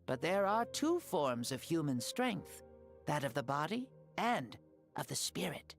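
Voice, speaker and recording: A woman's voice: sits low, very animated, measured pace, faint music behind, exaggerated voice. A grand boy warrior spirit. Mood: solemn. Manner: solemn, formal, declaiming. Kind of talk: game cutscene voice acting.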